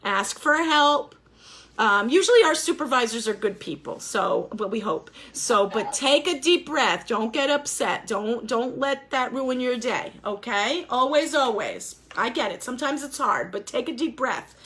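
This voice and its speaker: A woman's voice: fairly high pitch, expressive, a little slow, a bit bright. A woman teaching a life skills class over a video call, upbeat and encouraging as she quizzes her students.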